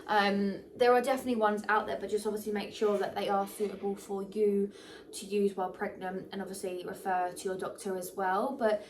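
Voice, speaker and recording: A young pregnant woman, chatting casually to camera, animated and full of fillers, a little short of breath. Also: mid-range voice, fairly quick, distant mic, a little hiss or hum. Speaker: vlogger.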